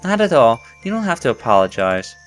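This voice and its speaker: A man reading aloud and voicing a polite, gentle young woman from a game, with soft, courteous and formal speech. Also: medium pitch, sing-song, brisk, soft background music, pitched above the performer's own voice, natural voice. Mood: caring.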